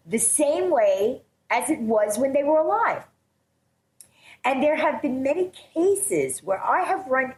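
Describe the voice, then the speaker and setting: A woman hosting a psychic radio show, talking in an earnest, emphatic way and laughing often. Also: a little high. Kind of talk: radio talk show chat. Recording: echoey studio with faint hiss.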